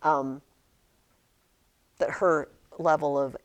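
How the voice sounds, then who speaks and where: A woman teaching a high school literature class, asking questions and acting out lines from the book. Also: slow, creaky. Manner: animated, asks questions, acts out quotes.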